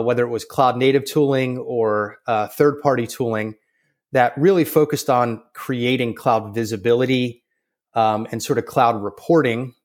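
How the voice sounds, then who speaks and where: A man being interviewed as a guest, talking in a relaxed way with many fillers and restarts. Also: mid-range voice. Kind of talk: conversational interview.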